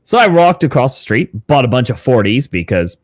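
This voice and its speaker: A man, a guest on a podcast, telling a story casually, animated and swearing freely. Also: medium pitch, a little fast, dry recording, clean studio sound. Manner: animated, swears freely, acts out quoted dialogue. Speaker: podcast guest, content creator.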